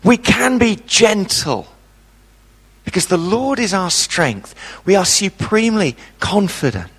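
A man preaching a sermon, telling a personal story with dramatic pauses. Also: high voice, lively intonation, a bit bright, slightly rough, in a large hall.

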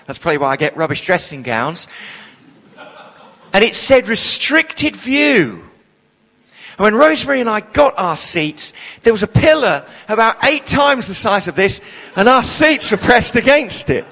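A minister with a notably high voice delivers a sermon. He tells lively stories with wry, humorous asides. His voice rings with the long reverb of a church hall. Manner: animated storytelling with humorous asides.

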